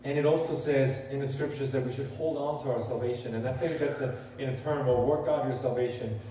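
A man's voice: mid-range voice, steady tone, brisk, mellow, a little hiss or hum. A male pastor giving a sermon, earnest and conversational, building emphasis as he quotes scripture. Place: church sanctuary. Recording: echoey hall, voice from far off.

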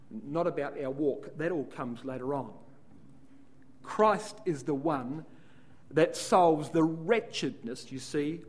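A man with a somewhat high voice leads a Bible study. He reads each verse aloud and then unpacks it, posing questions to the listeners and answering them himself. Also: darkish tone. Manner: explanatory, asks and answers his own questions. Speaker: Bible class speaker.

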